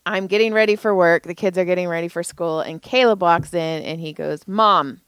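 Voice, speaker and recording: A middle-aged woman co-hosts a podcast, chatting casually as she tells a family story with plenty of profanity and acted-out dialogue. Her voice is low-ish, clear and resonant, fairly quick, with no room sound.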